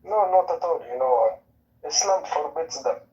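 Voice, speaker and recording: A man's voice: a little high, expressive, a little slow, warm tone. Provocative man on a lo-fi call. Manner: provocative, mock-sincere, drawling with fillers. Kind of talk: trolling online chat. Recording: distant lo-fi audio.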